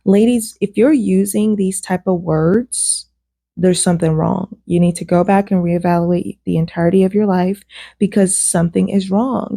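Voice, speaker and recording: A woman hosts a reaction, talking in a casual, animated way and speaking straight to her listeners. Her voice is low, gravelly and mellow. It is recorded dry and close. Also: no room sound. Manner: animated, slangy, addresses listeners as "y'all" and "ladies". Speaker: host reacting to a clip.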